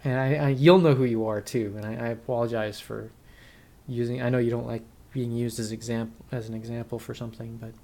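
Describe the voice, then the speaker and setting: A young man talking earnestly to camera about friendship, pausing and restarting often as he searches for words. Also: mid-range voice, little pitch movement, vocal fry, dark tone. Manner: earnest, halting, many restarts. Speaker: vlogger. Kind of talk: reflective personal talk to camera.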